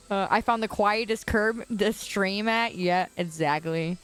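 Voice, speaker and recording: A young woman from the Chicago area chatting casually with her viewers as she livestreams from a quiet suburban curb outdoors, laughing often and answering comments. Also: medium pitch, clean tone.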